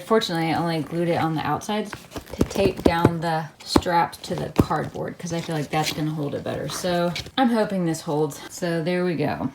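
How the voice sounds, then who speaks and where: A woman's voice: on the low side, slight background noise. A woman chatting casually in a do-it-yourself craft vlog at home, rambling and joking at herself with little laughs. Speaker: vlogger.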